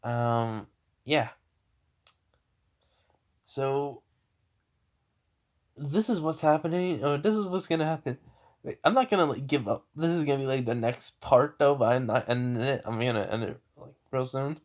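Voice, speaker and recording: A man's voice: mid-range voice, unhurried, long pauses. Rambling casual male storyteller. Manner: rambling, many fillers and self-corrections. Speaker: fan storyteller. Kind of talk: casual improvised story retelling.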